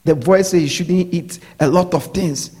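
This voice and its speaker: A man delivers a sermon in a husky, slightly raised voice. He repeats key phrases and keeps checking that his listeners are with him. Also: high voice, moderate pace, a little mellow. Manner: repetitive preaching, checks in with listeners. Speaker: preacher.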